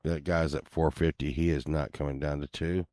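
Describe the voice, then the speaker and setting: A man's voice: very deep voice, flat delivery, moderate pace, dark tone, no room sound, clean studio sound. A man chatting casually to viewers while browsing listings, laid-back and mumbling, with muttered asides and cursing.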